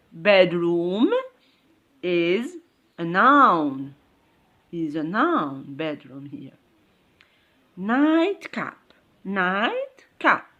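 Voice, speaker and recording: A woman leads an English class in English, dwelling on every word at a very slow pace. Her pitch swings widely as she stresses examples and keeps asking the class if it is clear. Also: a bit bright, highs cut off. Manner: slow, repetitive, checks understanding with "okay?"; non-native English phrasing. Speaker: English teacher. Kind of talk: classroom lesson.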